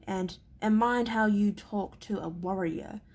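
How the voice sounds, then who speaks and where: Woman reading as a loud, sneering teenage bully, slow husky voice with some gravel. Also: medium pitch. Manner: sneering, louder than the narration. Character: boastful bullying teenage boy warrior apprentice.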